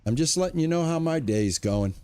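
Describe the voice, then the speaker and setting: Middle-aged man, casual live-stream chat, lively up-and-down pitch, dry close sound, stumbles and repeats words. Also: brisk, clean tone, no room sound. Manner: chatty, reads and greets viewers by name; repeats and restarts words often. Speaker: game streamer.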